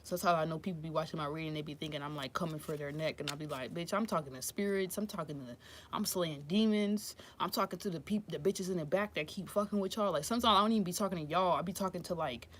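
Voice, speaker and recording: A woman gives a casual live-stream tarot reading. She talks bluntly, swears freely and laughs often. Her voice sits slightly low. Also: slight background noise. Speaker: tarot reader.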